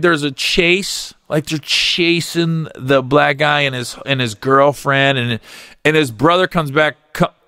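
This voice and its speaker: A male comedian hosting his podcast, telling stories in an animated, profane way and laughing at his own jokes. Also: on the high side, no echo, studio quality. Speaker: podcast host.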